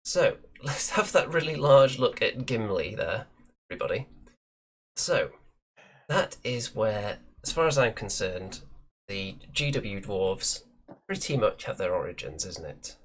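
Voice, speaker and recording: A man with a lowish voice hosts a laid-back hobby chat, musing aloud in an easy, conversational way. A faint hum of noise sits under his voice. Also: measured pace. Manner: relaxed, chatty, thinking aloud. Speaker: show host.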